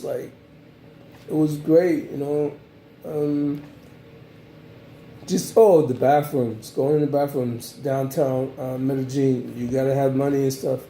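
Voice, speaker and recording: A man from the United States casually recapping his trip in a vlog, rambling and animated, with many fillers. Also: fairly high pitch, echoey room, slight background noise. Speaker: travel vlogger.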